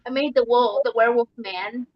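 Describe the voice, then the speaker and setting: A soft-spoken woman chats casually on a live stream, mostly answering in short replies. Her voice sits fairly high, and the recording is dry and dull like lo-fi audio. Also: brisk, no echo.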